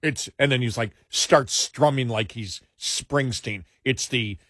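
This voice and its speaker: A husky male talk show host in easygoing chat, wandering through stories and restarting his sentences, then pressing hard on his main points. The sound is dry and close, with no room around it. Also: mid-range voice, measured pace, fairly bright tone, no echo. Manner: rambling, self-correcting, builds up emphatically.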